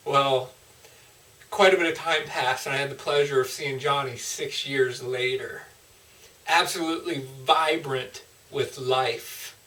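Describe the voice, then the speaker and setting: A man's voice: mid-range voice, fairly even intonation, a little slow, pushed and bright, recorded from a distance, poor audio. A man, a motivational speaker, telling an emotional personal story in an earnest, heartfelt way with frequent restarts.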